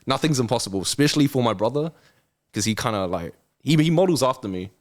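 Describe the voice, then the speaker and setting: A man's voice: mid-range voice, animated, quick pace. A man in his twenties, a podcast guest, talking earnestly and motivationally in casual chat and acting out lazy excuses in funny voices. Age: 20s.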